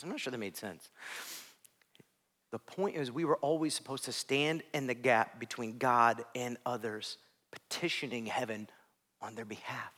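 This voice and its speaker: A man preaching a sermon as a pastor, telling stories animatedly and swinging between hushed near-whispers and loud, excited lines. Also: medium pitch. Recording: long hall reverb.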